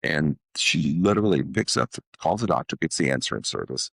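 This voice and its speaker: A man's voice: extremely low pitch, animated, brisk, creaky, a bit bright, husky, no echo. A man in his seventies, a guest in an interview, telling stories in a rambling, casual way with many restarts and quoted dialogue. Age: 70s. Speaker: guest, author and motivational speaker.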